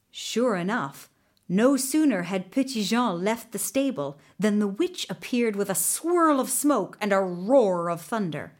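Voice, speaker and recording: A woman narrating a children's storybook in an expressive, animated way. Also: mid-range voice, measured pace. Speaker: audiobook narrator.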